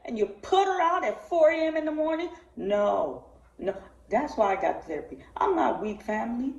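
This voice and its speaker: An emotional woman pleading and halting as she comments on a livestream. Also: medium pitch, creaky, a little mellow, distant mic. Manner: impassioned, pleading, halting with repeats. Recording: echoey room, from the mic, faint noise.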